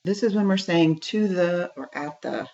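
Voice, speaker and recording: A woman's voice: on the low side, normal speed, a little mellow. A woman teaching a French lesson, speaking patiently, saying French phrases and then translating them. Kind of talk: classroom language lesson. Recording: dull lo-fi recording.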